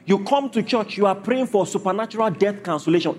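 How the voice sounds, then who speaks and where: A man's voice: high-pitched, fairly quick. A man preaching a sermon to a congregation, driving points home with repeated rhetorical questions.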